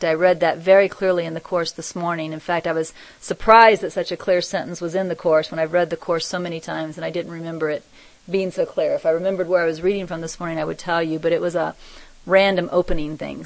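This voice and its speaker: A woman teaching a spiritual group, reading channeled messages aloud and commenting on them in a soft, reflective way. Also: on the low side, fairly even intonation, brisk, gravelly, no room sound, poor audio. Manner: soft-spoken, reflective, often laughing.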